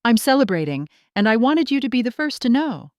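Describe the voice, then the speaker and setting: A woman voicing a middle-aged divorced man who speaks in a measured, gentle, composed way. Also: on the high side, sing-song, dry recording, studio quality, pitched above the performer's own voice.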